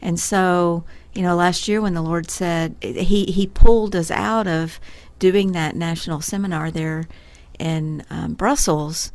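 A middle-aged woman talks earnestly in a slightly low voice on a ministry radio program. She restarts words as she goes, in a casual conversational way. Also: fairly even intonation, unhurried, few pauses, a little mellow, no room sound. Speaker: co-host of a prayer ministry radio show. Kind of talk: casual chat.

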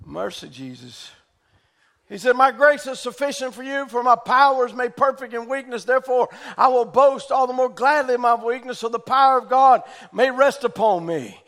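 A man preaching a sermon in a fervent style that often rises to shouting. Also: very high-pitched, moderate pace.

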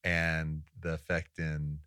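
A man co-hosting a podcast, soft-spoken and thoughtful, adding quiet reflections to a casual conversation. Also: a bass voice, level tone, slow, clear, resonant tone, no echo, studio quality. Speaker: podcast co-host.

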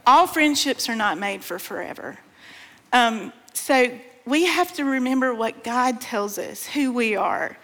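A woman's voice: a little high, expressive, a little slow, a bit bright. A woman giving a sermon at a women's conference, speaking in a folksy way, calling the crowd "y'all" and reading scripture aloud with feeling. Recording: long hall reverb.

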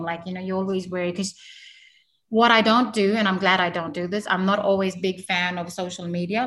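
A woman from Halls Creek in Western Australia, talking through her experiences as an interview guest in a loose, storytelling way full of "you know". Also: lowish voice. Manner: yarning, warm-hearted, frequent fillers like "you know". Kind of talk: conversational storytelling.

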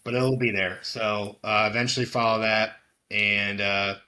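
A man's voice: on the low side, little pitch movement, measured pace, pushed and bright. A man co-hosting a sports betting podcast, talking loosely and rambling, with casual swearing. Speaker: podcast co-host.

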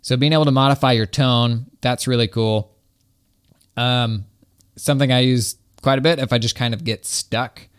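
A man's voice: medium pitch, fairly even intonation, moderate pace, smooth. A man in his thirties hosting a casual talk show from his home garage, chatty and enthusiastic, peppering his talk with "like" and "right?". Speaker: podcast host. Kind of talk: casual software commentary.

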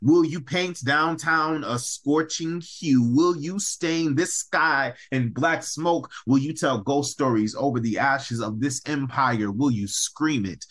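A man performing a spoken word poem with a rhythmic, incantatory cadence built on repeated questions that rise toward shouts. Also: a little high. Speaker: poet.

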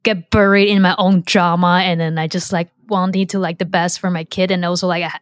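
A woman's voice: fairly low pitch, flat delivery, fairly quick, no echo, studio quality. A woman whose first language is Chinese, hosting a podcast in a casual, candid, self-deprecating way with many fillers and restarts. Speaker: podcast host.

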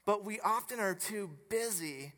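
A preacher delivering a sermon in a bright, cutting voice, telling stories with lively, emphatic energy. The sound carries a long reverb, as if from a large hall or church. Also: mid-range voice, unhurried. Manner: animated storyteller, grows loud and emphatic as the story builds. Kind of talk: sermon with personal storytelling.

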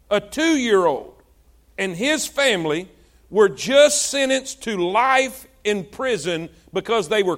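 A male pastor preaching a sermon. He calls to the congregation for responses and swings between shouted exhortation and low, hushed asides.

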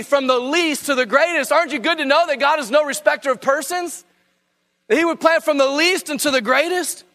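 A man's voice: very high voice, pushed and bright. A man preaching a sermon, reading scripture aloud and urging listeners to underline key phrases. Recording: long hall reverb.

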